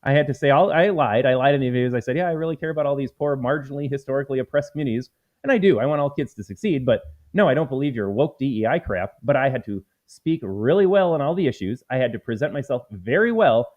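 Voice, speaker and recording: A man's voice: medium pitch, animated, fast talker, hardly any pauses. A man hosting a live political commentary stream, talking in an emphatic, combative way and calling his viewers folks. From United States. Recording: slightly dull lo-fi stream audio.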